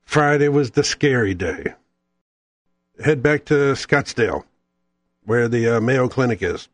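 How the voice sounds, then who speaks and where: A middle-aged man hosting a radio show, telling a casual story with wry, animated asides. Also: medium pitch, measured pace, no room sound. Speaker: radio host.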